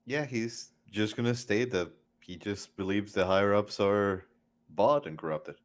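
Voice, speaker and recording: A man's voice: fairly low pitch, a little slow. A man playing a tabletop game, hesitantly thinking aloud about what his character does. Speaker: player.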